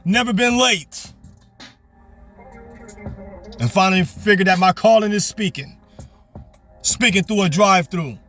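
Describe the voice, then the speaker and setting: A man's voice: sits high, a little slow, pauses often, a bit bright, faint music behind. A man preaching a fervent, repetitive sermon from his parked car. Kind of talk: motivational sermon.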